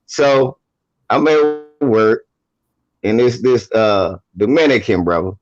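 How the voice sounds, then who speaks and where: A man from New York, co-hosting a casual chat and telling stories in a profane, animated, street-slang way. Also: medium pitch, slow. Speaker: podcast co-host. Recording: dull lo-fi dry audio.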